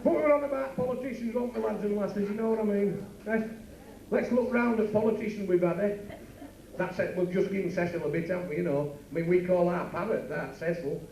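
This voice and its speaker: A man doing bawdy stand-up comedy at a working men's club, with rapid patter and asides to the crowd. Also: high-pitched, fairly even intonation, creaky, dark tone. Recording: echoey room from far off, noisy.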